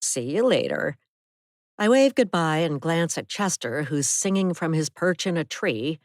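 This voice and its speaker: A woman reads an audiobook in a slow, measured scripted narration. Her voice is fairly low, and the studio sound is dry and close. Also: no room sound.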